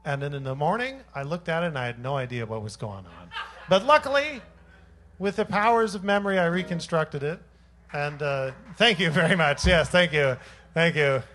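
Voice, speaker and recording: A man's voice: fairly high pitch, animated, normal speed, a bit bright, slight background noise. A man, a singer-songwriter, chatting between songs at a live show in a rambling, self-deprecating joking way, into a stage microphone. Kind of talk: between-song stage banter. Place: live music venue.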